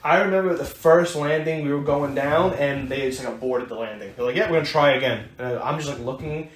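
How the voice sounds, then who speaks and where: This American podcast co-host speaks fairly quickly at a medium pitch, meandering through a long story with plenty of fillers and false starts. The tone is casual chat, and the room is echoey with a faint hiss.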